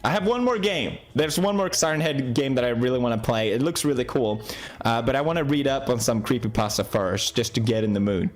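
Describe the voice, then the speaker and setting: A man in his thirties playing a horror game on video, joking along and jumping into high yelps whenever he gets scared. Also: animated, fairly quick. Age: 30s. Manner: jumpy, jokey, bursts into high yelps when scared. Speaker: gaming video host. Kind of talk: horror game play commentary.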